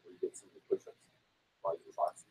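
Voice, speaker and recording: A man's voice: very fast, darkish tone. A man in casual chat, cutting in with short joking remarks.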